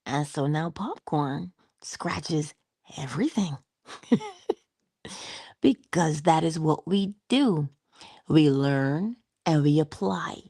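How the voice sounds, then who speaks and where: Low, gravelly woman giving soft inspirational talk. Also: dry recording, studio quality. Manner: soft-spoken, drifts into whispers; playful, affectionate asides. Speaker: inspirational speaker. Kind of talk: spiritual motivational talk.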